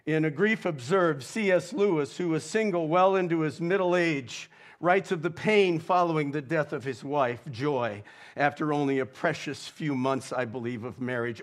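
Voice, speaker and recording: A male pastor delivering a sermon in a measured, reflective way, reading quotations with feeling. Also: fairly high pitch. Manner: slow, measured preaching with dramatic readings of quotes.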